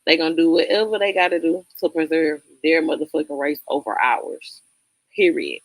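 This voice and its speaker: A blunt woman with a Southern accent talks straight to her chatters on a casual livestream, her voice gravelly and full of swinging pitch. She laughs often between points. The sound is dry and close, with no room around it. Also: lively intonation, normal speed, a bit bright, no room sound. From Southern United States. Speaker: livestream host reading chat.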